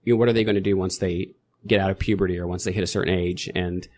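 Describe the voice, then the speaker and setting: A middle-aged man chatting as a podcast guest, rambling and correcting himself as he tells stories with lively energy. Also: deep voice, quick pace, slight background noise. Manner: rambling, self-correcting, animated storytelling. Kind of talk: casual interview chat.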